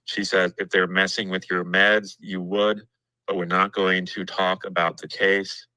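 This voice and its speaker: Male guest, low voice, crisp forward tone; matter-of-fact note reader. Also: flat delivery, a little slow, bright, forceful tone, no room sound, rough recording. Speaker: guest reading courtroom notes. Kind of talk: livestream discussion, reading notes aloud.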